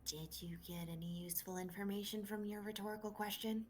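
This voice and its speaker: A woman voicing a mean, sharp-tongued old grandmother who talks down mockingly and with slow menace. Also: medium pitch, fairly even intonation, background noise, natural voice. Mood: menacing. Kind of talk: fan reading of a story with voices.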